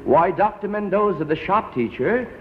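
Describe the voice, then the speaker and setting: A man's voice: high voice, expressive, moderate pace, a little hiss or hum. A man doing a nagging accented sister. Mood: scolding. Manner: accented scolding melodrama. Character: nagging older sister lecturing her brother. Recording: dull lo-fi 1950s TV broadcast.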